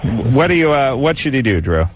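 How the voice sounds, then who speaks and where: A man's voice: medium pitch, big pitch swings, moderate pace, slight background noise. A middle-aged man hosting a radio show, joking and teasing his guests. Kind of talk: casual radio talk.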